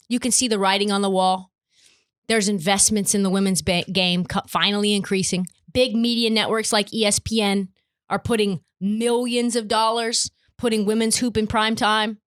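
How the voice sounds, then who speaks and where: A woman's voice: medium pitch, a bit bright. A young woman hosting a sports podcast, ranting in an emphatic, profane, opinionated way. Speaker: podcast host.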